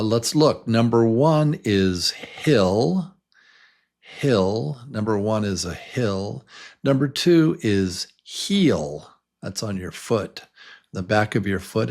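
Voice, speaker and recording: Slow, patient man teaching English sounds. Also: on the low side, vocal fry. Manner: slow, patient, encouraging drills. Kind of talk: beginner pronunciation lesson.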